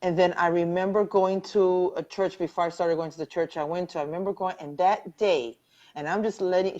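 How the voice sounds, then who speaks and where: Middle-aged woman, low-pitched, earnest and heartfelt, telling her survivor story over a muffled live stream. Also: darkish tone. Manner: earnest, heartfelt, repeats phrases for emphasis. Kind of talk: personal testimony in a live online interview.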